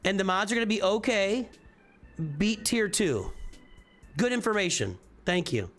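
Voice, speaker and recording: A man with a slightly high voice talks through viewers' game rosters on a live stream. His talk is loose and casual, with restarts and repeated phrases as he thinks aloud. Faint music plays underneath. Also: expressive, a little slow, fairly bright tone.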